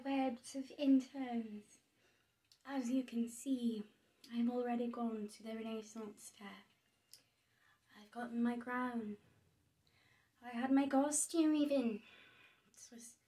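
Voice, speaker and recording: Woman putting on a hushed, mock-regal fair lady. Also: a little high, fairly even intonation, slow pace, long pauses. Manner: put-on accent, hushed and grand.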